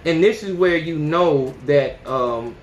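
A man hosts a podcast in a casual monologue. His voice sits fairly high, and he talks bluntly with constant cussing. The room is echoey, with a faint hiss behind him. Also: slow pace, dull audio. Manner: blunt and heavily profane, often says "you know what I'm saying". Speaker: podcast host.

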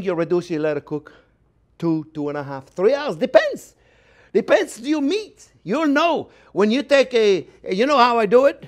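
A man with a French accent hosting a cooking show, teaching a recipe in a chatty, animated way with playful exclamations. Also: sits high. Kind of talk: casual cooking demonstration.

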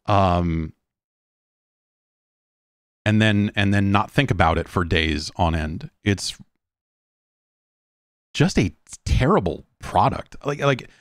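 A man's voice: low-pitched, animated, takes it slowly, pauses often, no room sound, clean studio sound. Profane exasperated man ranting on a podcast. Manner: profane, exasperated, mocks in quoted voices. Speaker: podcast host. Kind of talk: casual podcast rant.

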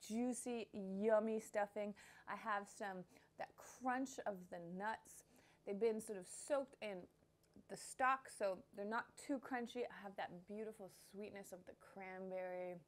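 Slow-talking woman hosting a cooking vlog. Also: mid-range voice. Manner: gushing and heartfelt, with frequent laughs and soft asides. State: tearful, crying while she talks. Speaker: cooking show host.

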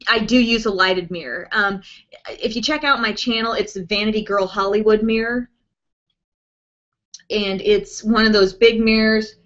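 Bright-voiced chatty woman vlogger. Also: mid-range voice, fairly even intonation, normal speed, lo-fi sound. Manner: chatty, rambling, with many fillers like "um" and "like". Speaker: beauty vlogger hosting a live broadcast. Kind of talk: casual chat answering viewer questions.

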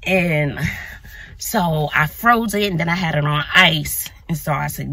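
A woman vlogging casually to her phone from her car, chatty and animated, talking to viewers as y'all. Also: deep voice, measured pace, creaky, slightly rough. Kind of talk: casual vlog talk to camera. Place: in or near her car outdoors in sun.

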